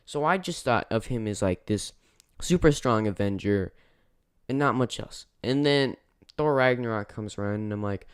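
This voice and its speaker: Male reviewer, casual and rambling, smooth clear voice, dry close recording. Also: lowish voice, animated, normal speed, dry recording. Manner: rambling, self-correcting, lots of fillers. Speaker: movie reviewer. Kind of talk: casual spoken movie review.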